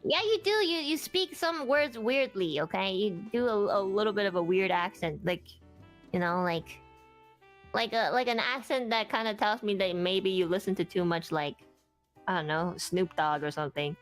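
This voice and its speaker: A woman's voice: mid-range voice, moderate pace, faint music behind. A woman from Canada chatting on a stream collab, rambling and earnest, full of "like". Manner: rambling, lots of likes, earnest. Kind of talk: casual stream chat.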